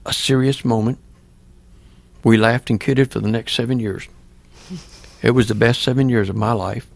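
A man's voice: fairly low pitch, creaky, no echo. An older man, a pastor, earnestly telling a personal story in plain words during an interview. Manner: plain-spoken, earnest, acts out remembered dialogue.

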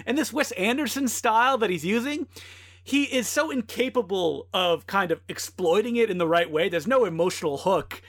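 A man's voice: high-pitched, animated, a bit bright. A man co-hosting a film podcast, talking bluntly and critically in a casual chat. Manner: blunt, critical, quick asides. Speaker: podcast co-host.

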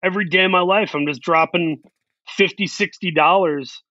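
A man's voice: sits high, moderate pace, pushed and bright, dry recording, dull audio. A man, an actor guest, telling long self-deprecating stories in a casual interview. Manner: rambling, self-deprecating anecdotes.

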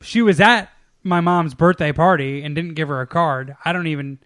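A man's voice: fairly high pitch, moderate pace, a bit bright. A young man chatting casually with a friend, telling a rambling, profane story and laughing often. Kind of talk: casual chat.

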